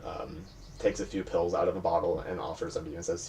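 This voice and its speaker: A man narrating as game master of a tabletop horror game, telling the scene in a relaxed, rambling way. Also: low-pitched, quick pace, gravelly. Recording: distant mic with faint hiss.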